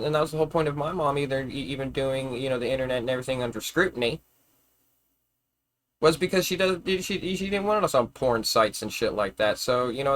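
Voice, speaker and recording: A man's voice: medium pitch, fairly bright tone. A man ranting casually on a live stream. He talks in a rambling, profane, argumentative way, often stumbling and restarting his words.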